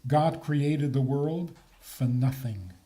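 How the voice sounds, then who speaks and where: A man's voice: mid-range voice, takes it slowly. An older man, a rabbi, giving a talk on faith with jokes and rhetorical questions. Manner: animated, joking, rhetorical questions.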